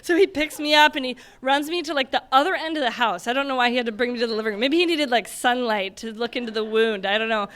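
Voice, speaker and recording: A young woman from Michigan telling a personal story on stage, animated and laughing often as she acts out the moments. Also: on the high side, quick pace, hardly any pauses, clear, resonant tone. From Michigan, USA. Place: stage before a live audience.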